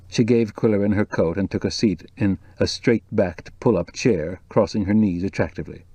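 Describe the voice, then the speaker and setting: A man narrating an audiobook in a measured, even storytelling voice. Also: fairly low pitch, husky, no echo. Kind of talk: scripted narration.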